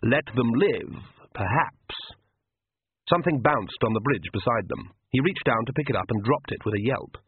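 A man narrating an audiobook in a dry, measured manner, over a tinny radio broadcast. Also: mid-range voice, expressive, husky, no room sound.

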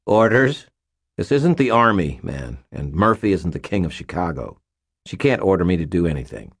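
A man's voice: sits low, sing-song, moderate pace, slightly rough, heavily acted. A man voicing a small, clever, exasperated man who speaks up sharply. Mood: indignant.

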